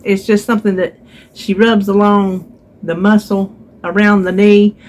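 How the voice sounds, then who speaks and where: A woman's voice: mid-range voice, highs cut off. A woman chatting to her viewers, retelling a therapy visit with voiced quotes, recorded at home on a phone. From North Carolina. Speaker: vlogger. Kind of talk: casual storytelling to viewers.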